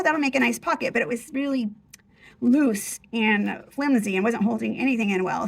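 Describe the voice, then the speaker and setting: A woman's voice: a little high, vocal fry. A middle-aged woman chatting casually and gushing as she flips through her handmade craft journal. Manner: chatty, gushing, restarts mid-phrase.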